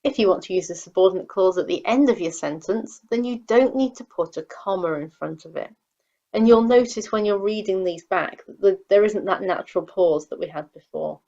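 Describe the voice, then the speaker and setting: Speaking at medium pitch and a little fast, a female English teacher explains how sentences are built in a recorded grammar lesson, patiently reading examples aloud. Her tone is dark and the sound is lo-fi.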